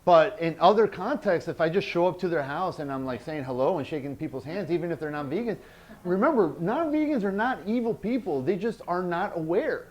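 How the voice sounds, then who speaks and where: A man's voice: sits high, animated, brisk, a little mellow. A man teaching a workshop, blunt and emphatic, repeating his key points. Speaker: workshop instructor.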